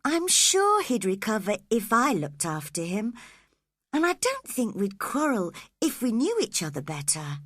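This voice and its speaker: A woman's voice: mid-range voice, wildly swooping pitch, measured pace, dry recording, clean studio sound, heavily acted. A woman voicing an earnest, hot-tempered young girl in an audiobook. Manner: pleading, then shouting.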